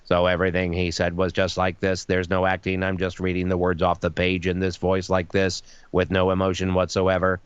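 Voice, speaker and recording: A man voicing an emotionless male robot in a flat, uninflected monotone. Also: low-pitched, a little fast, hardly any pauses, smooth, dry recording, muffled recording, lightly acted. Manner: monotone, no inflection.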